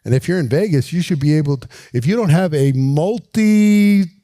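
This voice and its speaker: A man coaching recruiters in an energetic, direct way, often asking his listeners questions while walking around. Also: a little high, fairly quick, no room sound. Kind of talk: coaching talk with acted pitch demos.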